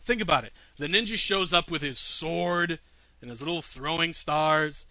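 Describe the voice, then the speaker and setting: A man's voice: on the high side, moderate pace, bright, forceful tone, dry recording. A man hosting a comic radio show, answering listener questions in a boastful, sarcastic and crude way.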